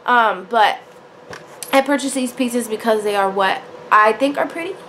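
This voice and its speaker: Filmed on a tripod-mounted camera with slight background noise, a woman with a slightly high, somewhat bright voice talks at normal speed about her jewelry. Chatty and filler-heavy, she addresses viewers as y'all and honey.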